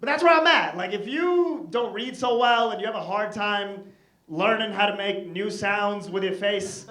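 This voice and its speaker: A man doing a dry, wry stand-up set on a club stage, tossing off quick asides. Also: high-pitched, bright, forceful tone. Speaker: stand-up comedian. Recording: echoey live room with audible crowd.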